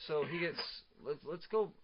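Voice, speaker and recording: A young man co-hosts a casual comics podcast, ranting profanely and stammering through restarts. His voice is on the high side and expressive at a moderate pace, while the recording has its highs cut off and a noisy background.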